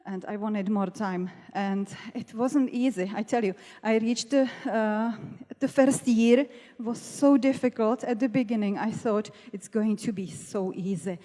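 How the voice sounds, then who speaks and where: A woman's voice: a little high, unhurried, hardly any pauses, mellow. A woman panelist, a doctor turned network marketer, telling her own story candidly on stage, laughing often and getting emotional. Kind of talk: personal testimony on a stage panel. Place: large hall at a business event. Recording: reverberant hall.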